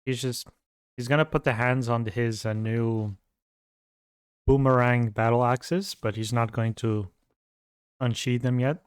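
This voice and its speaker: A man describing his character's moves at a tabletop game, speaking softly as he thinks aloud. His voice is smooth and clear and is recorded close in a dry room. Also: medium pitch, steady tone, unhurried, pauses often, no echo. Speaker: player.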